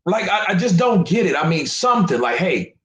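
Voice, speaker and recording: Frustrated man ranting with lively pitch. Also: brisk, echoey room, poor audio. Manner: emphatic, profane, repetitive. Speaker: boxing commentator streamer. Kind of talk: live stream commentary rant.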